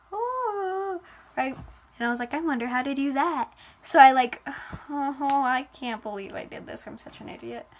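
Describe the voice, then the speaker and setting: Chatty woman telling a dramatic story. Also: on the high side. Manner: filler-heavy, dramatic, emotional retelling. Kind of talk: casual personal storytelling.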